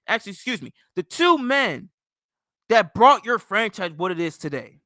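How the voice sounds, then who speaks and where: A man with a high, sharp voice tears into his target in a heated, profane comedic rant. He circles back to the same jabs again and again in a mocking tone. The sound is close and dry, with no room around it. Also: very animated, normal speed, no echo. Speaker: comedic ranter.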